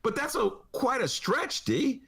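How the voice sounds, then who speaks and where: A man's voice: very high-pitched, very animated, unhurried, vocal fry, a bit bright, slightly rough. A man hosting a political talk podcast in a studio, sarcastic and mocking in his banter. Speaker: podcast host. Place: radio studio.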